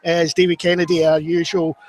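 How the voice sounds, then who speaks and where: A man's voice: a little high, completely flat delivery, fast talker, a little mellow, slight background noise, low-quality recording. A Scottish man presenting a pre-match football show at a stadium, chatty and jokey, sometimes tripping over his words. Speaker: club media presenter.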